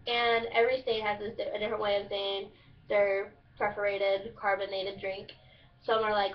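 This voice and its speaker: A woman's voice: mid-range voice, little pitch movement, normal speed. A young woman from Southern Illinois explaining a dialect for a class project, in a casual, chatty way with many fillers. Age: young adult. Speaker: student presenter. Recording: distant, muffled lo-fi recording.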